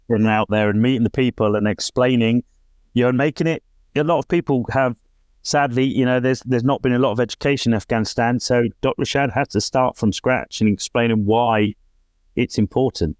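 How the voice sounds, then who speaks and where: A man's voice: medium pitch, fairly even intonation, brisk, clear, resonant tone, dry recording. A man from an animal charity, chatting casually and rambling with many fillers. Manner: rambling, filler-heavy, warm about his team. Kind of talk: casual interview chat.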